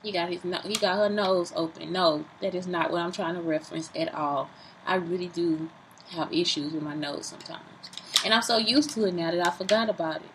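A woman talking casually and profanely into her phone camera, lively, self-mocking and rambling. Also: fairly low pitch, a little fast, a little hiss or hum, poor audio. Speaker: vlogger. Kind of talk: casual vlog monologue.

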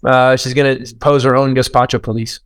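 Brief: profane, animated American man riffing on politics, dry close-miked voice. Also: medium pitch, fairly quick, clean tone, no echo. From United States. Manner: animated, profane, swings loud for emphasis. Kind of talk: casual political chat.

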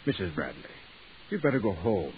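A man's voice: low-pitched, fairly quick. An actor playing a formal male postal official who speaks firmly, in 1940s radio acting style. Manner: formal and firm, with lively ups and downs. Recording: tinny old radio broadcast with hiss.

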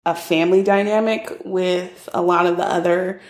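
A woman's voice: on the low side, fairly even intonation, moderate pace, roomy sound. A woman from Ohio, co-hosting a podcast in a casual, teasing manner. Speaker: podcast co-host. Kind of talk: casual chat.

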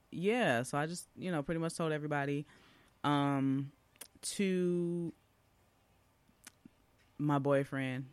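A man's voice: mid-range voice, clean tone, no echo. A man, casually telling a personal story as a podcast speaker, chatty and full of asides. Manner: chatty, warm-hearted, with asides and fillers.

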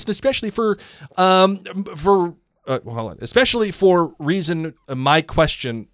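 Joking guy podcast cohost, lively voice bouncing all over, dry close sound. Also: sits high, normal speed, no room sound. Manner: joking, animated, laughs often. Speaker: podcast co-host. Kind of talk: casual chat, reading listener emails.

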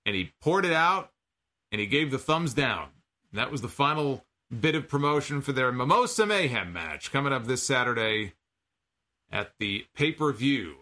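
A man with a bright, forward voice talks casually and wryly as a podcast host. He recaps wrestling at an easy conversational pace, now and then reading out listener donations. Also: medium pitch, sing-song, normal speed, a little hiss or hum. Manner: wry, chatty, reads out listener donation messages. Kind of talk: casual solo show recap.

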